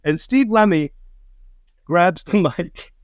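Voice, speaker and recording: A middle-aged man co-hosting a podcast, telling animated, profane anecdotes in casual chat and acting out the quotes. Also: high voice, slow, dry recording. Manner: animated anecdotes, swears freely, acts out quotes. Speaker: podcast co-host.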